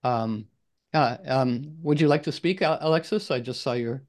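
A man leading a casual group video call, rambling with many restarts and frequent throat clearing. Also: medium pitch, moderate pace, darkish tone. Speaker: group leader.

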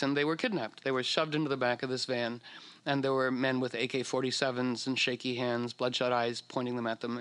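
A man giving a casual talk, animated and acting out quoted voices, with many fillers and restarts. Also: medium pitch. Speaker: speaker on astrology.

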